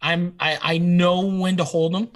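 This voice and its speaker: A man's voice: sits high, level tone, a little slow. A man co-hosting a podcast in casual chat, needling and teasing his friend. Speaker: podcast co-host.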